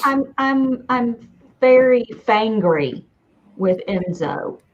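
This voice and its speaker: A woman's voice: on the high side, animated, very slow. A woman with a Southern accent co-hosting a podcast, ranting bluntly in casual chat. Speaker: podcast co-host. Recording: dull lo-fi sound.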